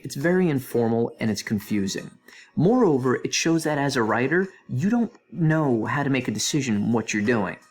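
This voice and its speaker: In a recorded grammar review, a medium-pitched male English teacher keeps things animated, tossing playful remarks to his students.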